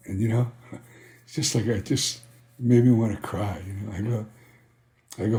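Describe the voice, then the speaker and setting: Older man, low voice, mellow tone, rambling storyteller, keeps saying you know. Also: steady tone, moderate pace, long pauses. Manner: rambling, fills with "you know", acts out dialogue. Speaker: interview guest, band founder. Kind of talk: conversational storytelling.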